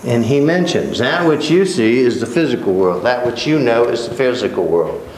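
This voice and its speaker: A man's voice: mid-range voice, lively intonation, normal speed, darkish tone. A man teaching a church Bible class, conversational and joking, repeating words for emphasis. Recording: roomy echo, faint background hiss.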